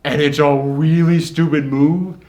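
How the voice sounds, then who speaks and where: Excitable young man reviewing a movie. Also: on the high side, unhurried. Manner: excitable, swears freely, acts out quotes. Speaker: co-host of a movie review show. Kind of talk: casual movie review chat.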